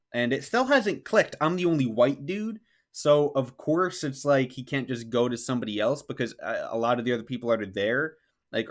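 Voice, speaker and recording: A man's voice: medium pitch, fairly bright tone. A man spins a long anecdote on a podcast in a loose, chatty way, with "like" scattered through his sentences. His voice sits in a middle register. He slips into the voices of the people in his story as he goes. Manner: rambling, heavy use of "like", acts out quotes. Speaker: podcast host. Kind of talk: casual storytelling.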